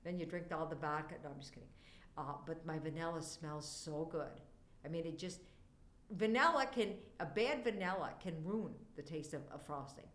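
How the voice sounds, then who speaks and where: A woman's voice: low-pitched, normal speed, roomy sound. An older woman chatting casually with viewers on a live stream, affectionate and prone to wandering off on tangents. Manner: warm, affectionate to chat viewers. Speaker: livestreamer.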